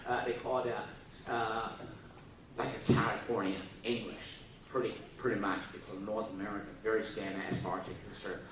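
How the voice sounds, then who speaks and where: A man's voice: lowish voice, a little fast, slight background noise. A man giving a humorous lecture to students, acting out little dialogues and coaxing the audience to laugh and repeat after him. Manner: animated, acts out dialogues in funny voices. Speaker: forum speaker. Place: university lecture hall. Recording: echoey hall, voice from far off.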